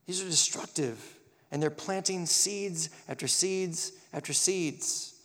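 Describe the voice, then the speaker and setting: A man preaching a sermon to young people, animated, acting out the voices he quotes. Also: fairly high pitch, slow. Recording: long hall reverb.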